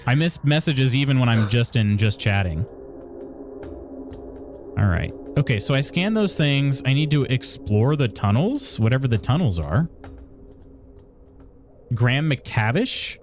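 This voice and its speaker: A man's voice: mid-range voice, very animated, measured pace, pauses often, soft background music. A man live-streaming a video game, chatting casually with his viewers and chuckling often. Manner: chatty, reads chat aloud, frequent chuckles. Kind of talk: casual live-stream chat while gaming.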